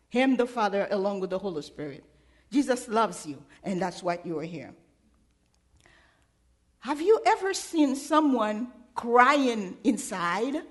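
A woman preacher giving a sermon, questioning her congregation again and again. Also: fairly high pitch.

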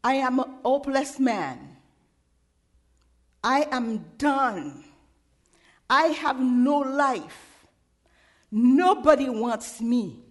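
A woman preacher voicing a despairing man who weeps and begs, in slow, heavy, pleading phrases. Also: high voice, animated, heavily acted. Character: despairing man weeping and begging.

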